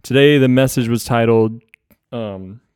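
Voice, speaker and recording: A man's voice: medium pitch, a little slow, darkish tone, clean tone, dry recording, studio quality. A man hosting a church podcast in casual chat, upbeat and full of fillers, laughing at his own stumbles. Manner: upbeat, filler-heavy, self-deprecating. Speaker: podcast host.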